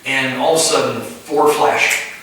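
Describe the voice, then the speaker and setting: A man preaching at a house church, telling a dream story in vivid first person with halting restarts. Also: mid-range voice, steady tone, pushed and bright. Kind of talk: conversational sermon storytelling. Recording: echoey room, distant mic.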